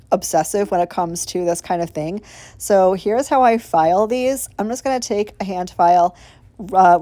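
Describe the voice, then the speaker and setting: A woman's voice: fairly low pitch, dark tone, dry recording. A woman giving a chatty, casual voiceover for a nail tutorial, gushing and swearing casually as she explains each step. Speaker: nail vlogger. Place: voiceover recorded separately from the video.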